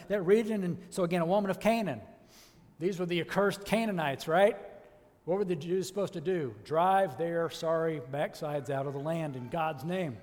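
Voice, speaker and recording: A man preaching a sermon as a church elder, impassioned and emphatic, rising to loud peaks and dropping low. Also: normal speed, in a large hall.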